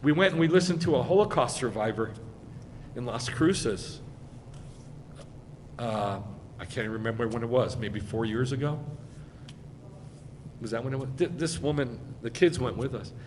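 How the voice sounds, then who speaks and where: A male rabbi giving a sermon in an American accent, conversational and emphatic, swinging between loud and quiet. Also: mid-range voice, normal speed, long pauses, in a large hall, slight background noise. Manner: emphatic, conversational preaching with wide swings in loudness. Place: congregation hall.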